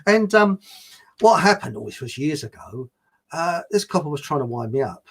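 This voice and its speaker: Husky-voiced chatty man. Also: on the high side, very animated, normal speed, fairly bright tone. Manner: chatty, digressive, frequent fillers and restarts. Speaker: livestream host reading viewer comments. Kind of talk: rambling casual chat with anecdotes.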